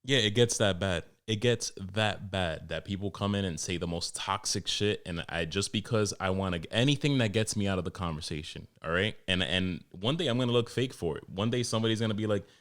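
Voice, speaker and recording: A young New man hosts his podcast in a loose, profane rant, slipping into quick impressions of the people he talks about. His voice sits on the low side. He swears freely and keeps the pace casual. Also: clear, resonant tone. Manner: profane, animated storytelling with mimicked customers. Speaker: podcast host and barber.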